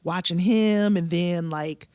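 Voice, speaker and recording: Animated woman telling a comedy story. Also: takes it slowly, clear, resonant tone, no echo. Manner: animated, acts out others' voices in big pitch jumps. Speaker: guest comedian. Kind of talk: casual storytelling chat.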